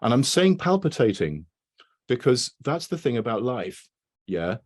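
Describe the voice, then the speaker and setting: A man's voice: medium pitch, sing-song, measured pace. A man giving a casual academic talk over a video call, rambling and tagging his points with "right?" and "you know". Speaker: lecturer.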